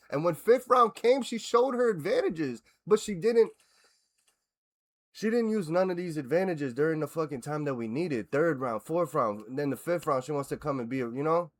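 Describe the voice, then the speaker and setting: A man hosting a reaction video, ranting bluntly and with lots of swearing as he breaks down a fight. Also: fairly high pitch. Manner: profane, blunt, animated ranting. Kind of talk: casual fight reaction rant.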